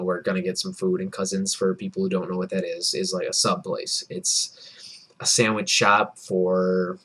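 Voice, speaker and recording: A man's voice: sits low, pushed and bright, slightly rough. A young man in his early twenties, tipsy from beer, telling a rambling, profane, self-deprecating story in a casual vlog. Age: early 20s. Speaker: vlogger.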